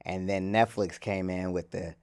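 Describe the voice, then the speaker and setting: A man's voice: low voice, fairly even intonation, normal speed, a little mellow, clear, resonant tone. A man co-hosting a chatty podcast, talking loosely with lots of fillers and easy laughter. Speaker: podcast co-host. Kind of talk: casual chat.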